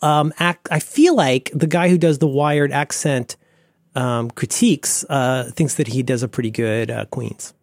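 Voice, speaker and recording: A man's voice: mid-range voice, steady tone, unhurried, dry recording, studio quality. A man co-hosting a podcast in casual chat, playful and joking, always running bits. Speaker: podcast co-host.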